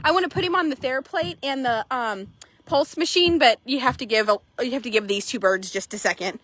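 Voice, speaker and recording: A woman horse trader telling animated, laughing stories in casual chat, swearing freely. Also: sits high, brisk, no echo.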